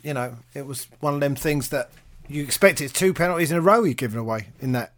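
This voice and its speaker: A man chatting casually about football, enthusiastic and quick to agree. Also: a little high.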